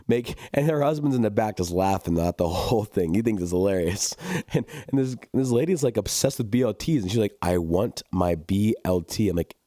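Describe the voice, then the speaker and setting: A man's voice: lowish voice, expressive, brisk, warm tone, no room sound, clean studio sound. A young man co-hosting a casual chat, telling a work story with laughs and restarts. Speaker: podcast co-host.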